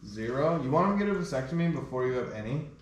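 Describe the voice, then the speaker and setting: A man's voice: medium pitch, fast, far from the mic. A man hosting a loose, profane podcast chat, acting out everyone in his story. He sits back from the mic in a very echoey room. A faint hum is heard behind him. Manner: crude, animated storyteller acting out quotes. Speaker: podcast host.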